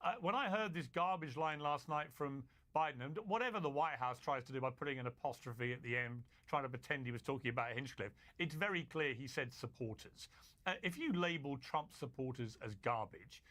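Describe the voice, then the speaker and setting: A man's voice: mid-range voice, fairly bright tone. A man hosting a televised debate, insistent and pointed, cutting in to hold the floor. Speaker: debate show host. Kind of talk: moderating a heated televised debate.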